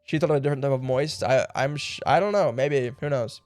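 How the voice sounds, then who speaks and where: A man's voice: a little high, animated, darkish tone, no room sound, soft background music. Young man musing aloud on stream. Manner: thinking aloud, rambling, quick laughs. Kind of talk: casual puzzle game livestream.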